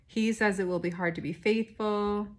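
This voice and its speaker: A woman's voice: medium pitch, fairly even intonation, normal speed, darkish tone. A young woman recapping a reality dating show in a rambling, casual monologue full of fillers and restarts. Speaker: recap podcast host.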